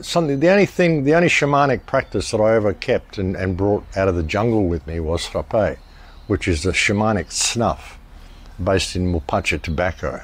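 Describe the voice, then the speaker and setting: A man's voice: on the low side, breathy edge. A man talking straight to his viewers in a casual monologue, rambling and emphatic, often restarting his sentences. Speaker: online commentator.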